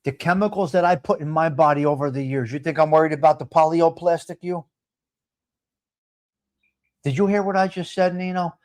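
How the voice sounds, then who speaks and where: Brief: New man in his late fifties, high-pitched for a man, loud profane live-stream host who rants and addresses his viewers directly. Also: fairly even intonation, moderate pace, pauses often. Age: 50s. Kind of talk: casual chat to live chat viewers.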